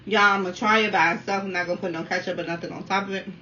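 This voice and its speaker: A talkative woman in her thirties from the Washington, D.C. area chats through a food review, constantly addressing her viewers. Her voice is bright and forward. The dull, slightly distant sound carries faint room noise. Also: medium pitch, steady tone, racing. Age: 30s. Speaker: mukbang vlogger. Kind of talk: casual chatty food review while eating.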